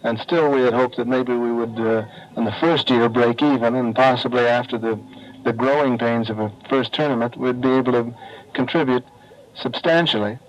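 A man answering in a radio interview, friendly and hesitant with many pauses. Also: mid-range voice. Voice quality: warm, hesitant with many fillers. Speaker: interview guest. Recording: dull old radio with faint noise.

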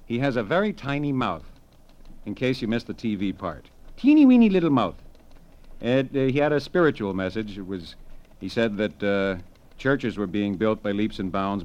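A middle-aged man giving a deadpan, satirical radio monologue about television, wry and offhand, chuckling at his own remarks. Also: on the low side. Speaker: radio humorist reviewing television. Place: radio studio.

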